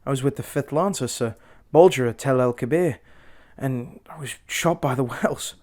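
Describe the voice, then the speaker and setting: A man voicing a young working-class Cockney bellboy who calls everyone "sir" and speaks in rough grammar. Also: medium pitch, normal speed, a little mellow, natural voice. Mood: frightened. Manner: dropped grammar, deferential "sir" after every phrase. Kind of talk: audiobook character voice.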